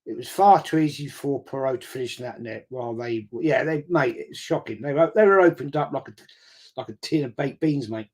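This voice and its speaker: A man's voice: mid-range voice, brisk, a little mellow. A man hosting a football watch-along live stream, reading viewer comments and answering them bluntly and combatively, with frequent swearing.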